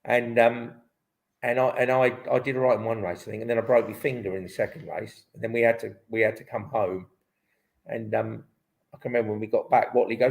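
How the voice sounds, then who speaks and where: A man's voice: mid-range voice, fairly even intonation, fairly quick, creaky, low-quality recording. A man in his fifties, a former motocross champion, telling stories as a guest in a live online interview in a rambling way full of restarts. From Britain. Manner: rambling, restarts often, lots of "um" and "like".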